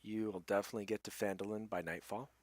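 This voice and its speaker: A man narrating as game master of a tabletop game in an easygoing way with many pauses. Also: on the low side, little pitch movement.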